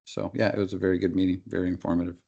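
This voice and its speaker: A man's voice: deep voice, level tone, very fast, gravelly, mellow, breathy edge, muffled recording. A man, the deputy mayor, giving a committee update in a council chamber with many ums and uhs. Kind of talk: council meeting report.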